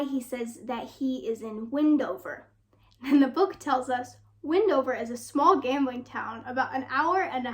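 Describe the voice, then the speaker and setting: Young woman, high-pitched, sarcastic, laughing asides, casual book review. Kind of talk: casual book review with read-aloud passages.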